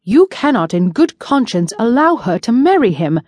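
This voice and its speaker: A woman voicing an indignant young nobleman who presses his cousin in a forceful, urgent voice. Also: medium pitch, expressive, moderate pace, dry recording, studio quality, natural voice.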